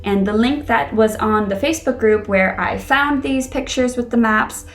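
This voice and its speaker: A woman's voice: on the high side, normal speed, faint music behind. A young adult woman with a Western New England accent gives a casual, explanatory English lesson, thinking aloud with frequent ums. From Connecticut, USA. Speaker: English teacher.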